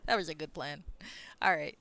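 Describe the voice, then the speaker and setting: A woman's voice: low-pitched, normal speed, sharp tone. A woman streaming a fantasy role-playing game, chatty and self-amused, swearing casually close to the microphone. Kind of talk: casual gameplay commentary.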